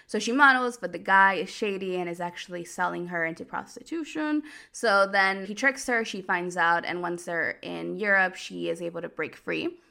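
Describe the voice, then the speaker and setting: Woman with a creaky fry voice, chatty podcast host going over a soap plot, says like a lot. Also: lowish voice, moderate pace, few pauses, pushed and bright. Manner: chatty, heavy use of "like", amused asides. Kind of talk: casual recap of a telenovela plot.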